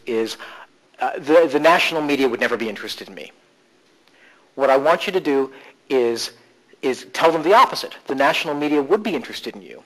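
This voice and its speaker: A man presenting a live conference workshop, animated and playful, shifting his emphasis for effect. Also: medium pitch, low-quality recording.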